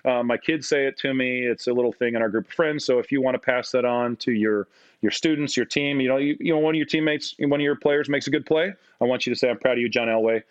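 A man's voice: mid-range voice, fast talker, no echo. Man, from Canada, forties, podcast guest, self-deprecating anecdotes, acts out quotes, dry muffled sound. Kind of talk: casual anecdotal storytelling. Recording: slightly muffled dry recording.

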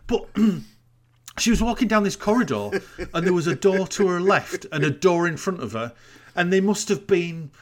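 A man's voice: high-pitched, expressive, normal speed. Incredulous man ranting. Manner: incredulous, ranting storyteller, sweary. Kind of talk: casual podcast chat recapping a TV episode.

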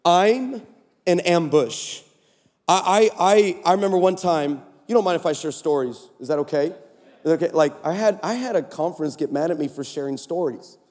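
Pastor guy preaching on stage, high voice, big echoey hall, gets loud telling stories. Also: a little fast, few pauses. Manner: storytelling, animated, rising to shouts. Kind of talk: sermon. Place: conference stage in a large hall.

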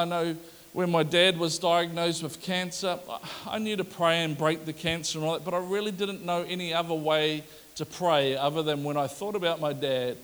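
A man's voice: fairly high pitch, fairly bright tone, big-room sound. A man preaching a sermon as a pastor, conversational and joking, asking the congregation questions.

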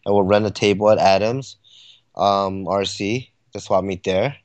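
A man co-hosting a casual podcast chat, excitable and quick to laugh as he tells stories. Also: fairly low pitch, dry recording. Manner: excitable, laughs often, animated storytelling. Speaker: podcast co-host.

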